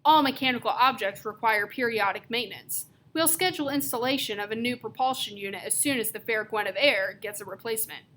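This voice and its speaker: A woman's voice: on the high side, brisk, hardly any pauses, a bit bright, slight background noise, lightly acted. A woman voicing a small, brainy boy who talks in precise, dictionary-like wording. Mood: lecturing. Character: small brainy boy, formal and know-it-all.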